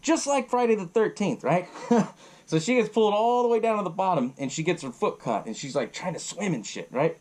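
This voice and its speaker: A man's voice: fairly high pitch, lively intonation, a little fast, darkish tone. A young man hosting a podcast, retelling a horror film in a rambling, profane way and acting out the characters' lines. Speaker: podcast host. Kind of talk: casual movie recap.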